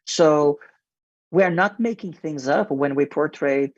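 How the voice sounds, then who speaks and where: A man's voice: fairly high pitch, unhurried, no echo, lo-fi sound. A male marketing executive with a heavy non-native accent, answering radio interview questions in an earnest, explanatory way with frequent fillers.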